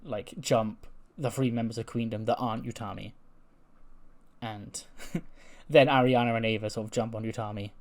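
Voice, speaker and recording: A man's voice: on the low side, steady tone, moderate pace. Chatty man recapping a wrestling show. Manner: chatty retelling, laughs, fillers like sort of. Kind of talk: casual recap chat.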